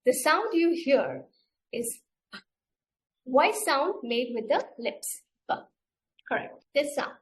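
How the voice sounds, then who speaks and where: A woman's voice: sits high, big pitch swings, takes it slowly, long pauses. A middle-aged woman with an Indian English accent leading an online teaching webinar, patiently demonstrating sounds and repeating each step. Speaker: teacher trainer. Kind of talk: webinar instruction.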